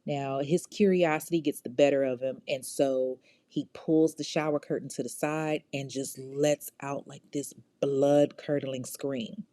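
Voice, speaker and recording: Low-voiced woman telling a crime story. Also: steady tone, unhurried, hardly any pauses, dark tone, no room sound, studio quality. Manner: casual, slangy, profane, talks to listeners directly. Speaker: podcast host.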